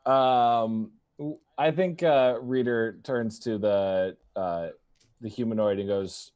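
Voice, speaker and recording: A man playing a tabletop game in a playful, animated way. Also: mid-range voice, slow, clear, resonant tone. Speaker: player.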